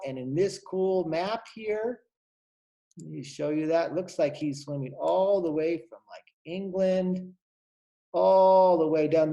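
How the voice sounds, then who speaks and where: A man, a kindergarten teacher, reading a picture book aloud to young children and pausing to point out the pictures. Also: on the high side, dark tone, muffled recording.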